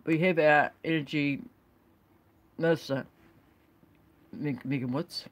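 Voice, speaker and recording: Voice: medium pitch, steady tone, takes it slowly, pauses often. A vlogger gives an indignant rant while reading out statistics. The speaker stumbles, restarts words and apologises while reading, and keeps calling things ridiculous. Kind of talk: ranting commentary reading statistics.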